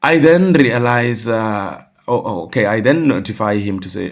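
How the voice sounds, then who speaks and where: Man, lowish voice, rambling personal storyteller. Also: expressive, moderate pace, hardly any pauses. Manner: rambling, with restarts and quoted dialogue. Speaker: vlogger.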